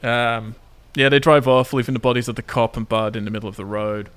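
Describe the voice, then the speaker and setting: A man co-hosting a casual podcast chat, excitedly recapping a film and laughing often as he talks. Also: mid-range voice, brisk, clear, resonant tone.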